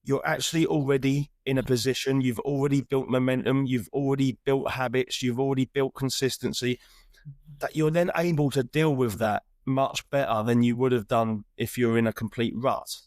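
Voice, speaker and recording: A man hosts an interview podcast with an earnest, encouraging tone, circling back and restarting as he builds his point. His voice sits at an ordinary middle pitch. The sound is dry and close. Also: fairly even intonation, moderate pace, a little mellow, dry recording. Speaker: podcast host. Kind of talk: reflective interview chat.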